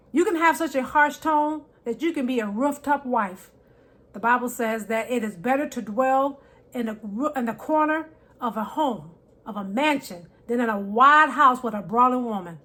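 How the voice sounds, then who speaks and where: A woman giving faith-based marriage advice to women, emphatic and preacherly, repeating key phrases and dropping from loud to soft. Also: a little high, animated, normal speed. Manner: preacherly, quotes scripture, shifts loud to soft.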